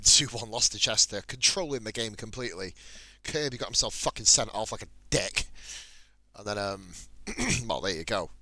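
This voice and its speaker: A man's voice: mid-range voice, bright, forceful tone, dry recording. A young man giving casual, profanity-laced commentary while playing a game, chatting and muttering to himself. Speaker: gaming channel host.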